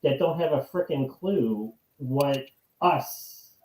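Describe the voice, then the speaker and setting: A man in his forties, co-hosting a casual movie chat, talking in animated, rambling bursts and leaning on "it's like". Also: medium pitch, takes it slowly, roomy sound, rough recording. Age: 40s. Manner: animated, rambling, repeats "it's like", mock outbursts. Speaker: co-host of a movie podcast.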